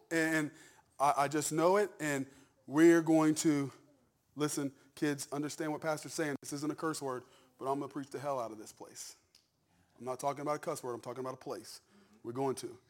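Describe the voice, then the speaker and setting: Fervent high-voiced male pastor preaching. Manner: fervent preaching, swings from hushed to shouting. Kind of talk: sermon.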